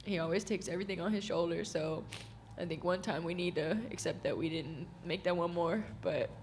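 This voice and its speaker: Young woman, college athlete, gravelly voice, earnest measured answers, faint room noise. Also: on the low side, steady tone, a little mellow. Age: young adult. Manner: earnest, measured, defends her father. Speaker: college basketball player. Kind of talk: postgame press conference answers.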